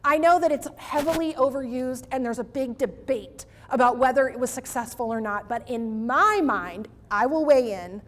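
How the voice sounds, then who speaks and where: A woman speaker giving a lively marketing keynote to a live audience, emphatic and pleading at times. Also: high voice, moderate pace, few pauses. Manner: animated, emphatic, pleading asides. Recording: reverberant hall.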